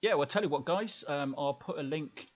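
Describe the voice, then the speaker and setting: A man's voice: on the high side, moderate pace, dry recording, dull audio. Rambling man on a live stream. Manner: rambling, full of fillers and restarts. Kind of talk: casual live stream chat.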